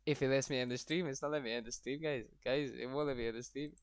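A young man streaming a game, swearing constantly and breaking into shouted rants. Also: medium pitch, steady tone, fast, clear, resonant tone, no room sound, clean studio sound. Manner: foul-mouthed, ranting, erupts into shouting. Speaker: gaming streamer. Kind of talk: casual gameplay commentary.

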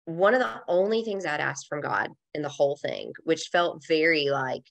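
Low-pitched woman on a podcast, candid and emotional, lots of "like". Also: normal speed, creaky. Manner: candid, emotional, many fillers like "like". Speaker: podcast guest. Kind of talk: personal storytelling in conversation.

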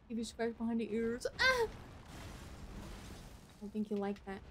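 A woman streaming a game live, chatting with a friend and talking to herself, swinging between quiet mutters and loud outbursts. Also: a little high, fairly even intonation, moderate pace, long pauses, slight background noise. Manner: talks to herself and chats with a friend while playing.

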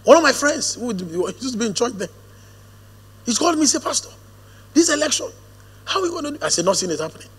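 A man preaching a sermon, shifting from hushed storytelling to a firm, drawn-out preaching cadence. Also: very high-pitched, big pitch swings, husky. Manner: storytelling, drops to hushed quoted asides, then rises to a firm preaching cadence. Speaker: pastor. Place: church auditorium. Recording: long hall reverb.

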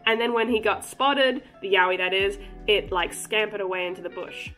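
A woman's voice: mid-range voice, moderate pace, fairly bright tone, soft background music. A woman hosting a casual cryptid vlog, chatty and joking, breaking into giggly asides. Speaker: cryptid channel host.

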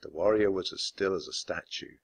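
A man narrating a children's storybook aloud in an expressive, animated way. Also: sits low, fairly quick. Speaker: dad reading aloud.

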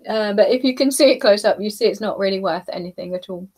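A young British woman from southeast England hosts a livestream, chatting casually with viewers while she paints. Her medium-pitched voice is husky and darkish and moves quickly, and she's chatty and giggly, laughing often as she reads out comments.

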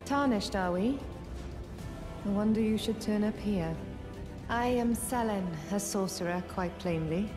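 An actress with a Welsh accent playing a prim, wary sorceress in a game. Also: female voice, medium pitch, measured pace, over music, natural voice. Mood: suspicious. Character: haughty female sorceress.

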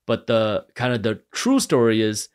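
A man on a podcast as an entrepreneur guest, telling stories with lively energy and acting out the voices of the people in them. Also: on the low side, normal speed, clear, resonant tone. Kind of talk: animated storytelling.

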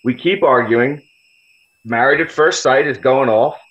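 A man's voice: mid-range voice, measured pace, fairly bright tone. A man, a podcast guest, telling a story in a blunt, heavily profane, casual way. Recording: slightly dull lo-fi audio.

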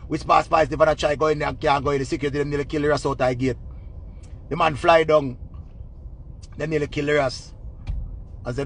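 A man with a Jamaican accent giving casual, animated gossip commentary in patois. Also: a little high, fast talker, pauses often. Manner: animated, laughing, patois storytelling.

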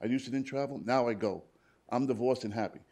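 A man's voice: medium pitch, quick pace, darkish tone. A man, a paramedic and cancer survivor, telling his personal story plainly to a live audience at a hospital event and retelling conversations as quoted dialogue.

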